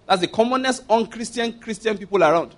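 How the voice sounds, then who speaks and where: A male preacher delivering a sermon, his voice sitting a little high. He tells stories and jokes with emphasis and acts out what people said. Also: fairly quick. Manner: storytelling with jokes and acted quotes, emphatic.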